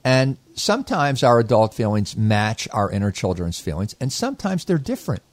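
A man with a fairly low voice co-hosts a conversational show, explaining his ideas at length. He talks reflectively and circles back on his own sentences. The sound is close and dry, with no room around it. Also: big pitch swings, moderate pace, dry recording. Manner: reflective, explanatory, meandering restarts. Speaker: co-host, inner child therapist. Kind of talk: casual conversational teaching.

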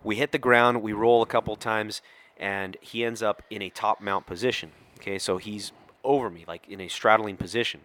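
A man's voice: on the low side, normal speed. A middle-aged man, a police officer, telling a story on a podcast and acting out the quoted lines. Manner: animated storyteller who acts out quoted lines.

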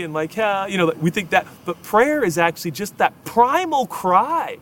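A young male pastor preaching a sermon in a casual, conversational tone. He moves between quiet, intimate asides and emphatic, louder stresses, his voice sitting a little high for a man. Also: animated, normal speed, hardly any pauses. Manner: conversational, emphatic, swings between hushed and loud.

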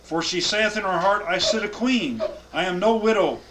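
A man's voice: high voice, moderate pace, noisy background. A man teaching a Bible class, reading scripture aloud with emphatic cadence and then explaining it.

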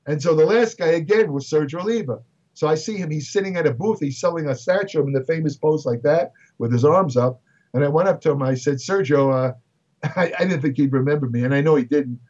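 This older bodybuilding writer from Brooklyn, New York talks fairly quickly in a fairly high, darkish voice. He tells casual anecdotes chattily, with repeated words, many fillers, and frequent restarts. The mic is distant and the sound lo-fi.

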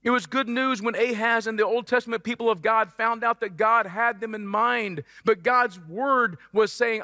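A high, bright male voice delivers a sermon in an animated, playful way, with sudden loud stresses on key words. The sound is close and dry, but a long reverb trails behind it. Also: moderate pace, hardly any pauses. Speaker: pastor.

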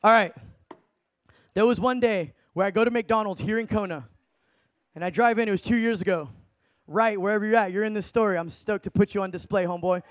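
Young guy preacher type, high voice, slangy and hyped, super dry sound. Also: brisk, no echo. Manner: excitable, slangy, laughs mid-story. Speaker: evangelist. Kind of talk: energetic testimony storytelling.

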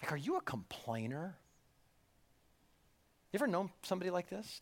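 A man preaching a sermon as a story, animated, jumping from loud bursts to hushed near-whispers. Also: sits high, a little slow, pauses often. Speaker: pastor.

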